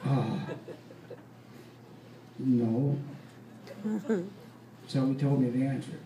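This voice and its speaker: This folk storyteller in his eighties speaks slowly with a medium, dark-toned voice, keeping his intonation fairly even and pausing often. He chuckles through a meandering folksy tale at a live venue. The recording comes from a distant mic in a roomy hall, with faint ambience.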